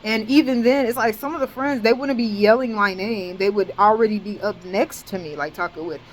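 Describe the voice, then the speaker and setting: Speaking fairly quickly in a mid-range voice, a young adult woman in college narrates a storytime vlog. She's animated and profane, leaning on slang and fillers such as "bro" and "dead ass." A little hiss or hum runs under the low-quality audio.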